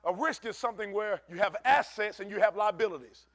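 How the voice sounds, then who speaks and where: Pastor preaching in church, high-pitched man, animated and chatty, close dry mic. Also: fairly quick, dry recording. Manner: animated preaching, swings from shouting to low asides; conversational, uses African American Vernacular English. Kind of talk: sermon.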